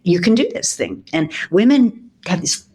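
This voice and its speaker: A woman's voice: lowish voice, sing-song, moderate pace, darkish tone. Chatty woman interview guest. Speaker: guest, business professor. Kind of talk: conversational interview.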